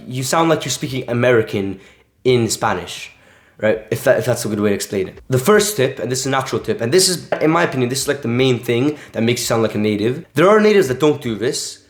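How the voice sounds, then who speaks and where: A man's voice: mid-range voice, lively intonation, quick pace. Young guy chatting thru a lesson, lots of likes, kinda echoey room. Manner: rambling, many "like" fillers. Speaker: language coach. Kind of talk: casual teaching vlog.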